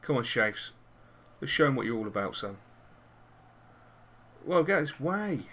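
In an unhurried, medium-pitched voice, a gaming-channel host covers his football video game live. Excitable throughout, he cheers on his players and curses at them.

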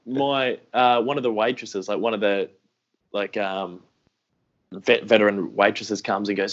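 A man's voice: fairly low pitch, fairly even intonation, unhurried, dull audio. A young Australian man telling stories in a casual podcast interview, rambling and self-deprecating, acting out what people said. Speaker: podcast guest, AFL YouTuber.

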